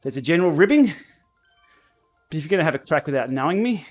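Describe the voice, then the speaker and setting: A man hosting a casual cycling livestream from his home training room, blunt and outspoken, quick to laugh. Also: on the high side, very animated, soft background music. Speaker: cycling YouTuber and livestream host. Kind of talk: casual livestream chat while riding.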